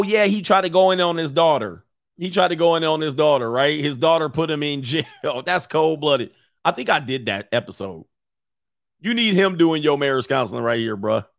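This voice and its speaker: Gravelly, joking man hosting. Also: on the high side, a bit bright, no room sound, clean studio sound. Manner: profane, joking, laughs often. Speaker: host. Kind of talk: casual commentary.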